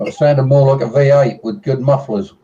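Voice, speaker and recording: A man's voice: medium pitch, brisk, dark tone, muffled recording, a little hiss or hum. A middle-aged man with an English accent, trading dry, teasing jokes in casual chat.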